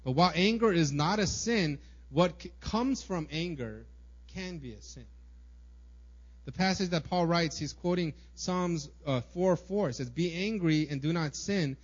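A man's voice: a little high, animated, unhurried, dull audio. A young man preaching a sermon in a church, casual and conversational, peppering his points with "like" and "right?". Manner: casual, filler-heavy preaching with many "right?" and "like". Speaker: pastor.

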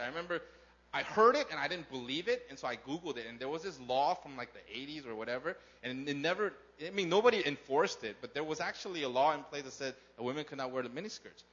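A man's voice: fairly high pitch, a bit bright, muffled recording. A man preaching a sermon to his congregation, talking casually and often asking the crowd questions. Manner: conversational, asks the crowd questions. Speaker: pastor. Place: church in Korea.

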